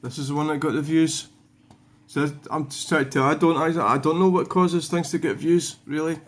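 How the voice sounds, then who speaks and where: A man's voice: a little high, steady tone, moderate pace. A man, a vlogger rambling wryly through casual commentary about his own channel. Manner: rambling, wry, digressive.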